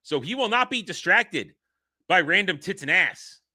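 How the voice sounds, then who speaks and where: A man's voice: sits high, lively intonation, normal speed, sharp tone, dry recording, studio quality. A man hosting a livestream in casual chat, rambling and often cutting himself off with chuckles. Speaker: streamer host.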